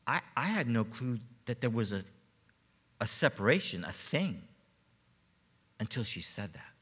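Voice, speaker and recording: A man's voice: mid-range voice, very animated, unhurried, a bit bright, slightly rough. A man preaching a sermon as pastor, telling a personal testimony with emotion and stumbling repeats. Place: church sanctuary. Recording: long reverb of a church hall.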